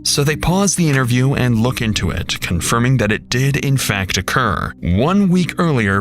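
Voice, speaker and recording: A man giving scripted true crime narration in a measured, suspenseful delivery. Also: medium pitch. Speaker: documentary narrator. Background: faint music.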